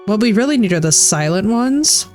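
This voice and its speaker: A woman streams a game and banters with her viewers in a casual, joking way, swearing now and then. Her pitch sits mid-range, and faint music runs underneath. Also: animated, normal speed, darkish tone. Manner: playful, swearing, laughing, chatting with viewers. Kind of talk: casual live-stream chat over gameplay.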